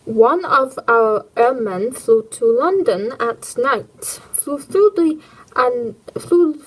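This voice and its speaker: A woman's voice: a little high, expressive, poor audio. Woman putting on a clumsy German accent. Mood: dramatic. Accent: put-on German. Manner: halting, self-consciously overdone.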